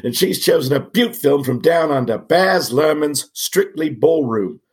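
A man with a raspy, cold-roughened voice putting on an over-the-top fake Australian accent as a joke. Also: a little high, animated, unhurried, voice pushed up. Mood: hammy. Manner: over-the-top, joking slang.

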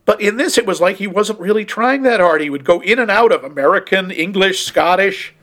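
A man co-hosting a casual film review chat, wry and quick with asides, often chuckling. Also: high-pitched, lively intonation, a bit bright. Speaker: podcast co-host.

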